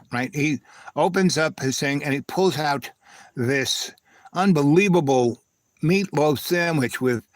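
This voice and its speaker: A man's voice: fairly high pitch, dry recording. Rambling man telling a personal story. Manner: digressive, loose, full of "right?" and "anyway". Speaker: live stream host. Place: home live stream.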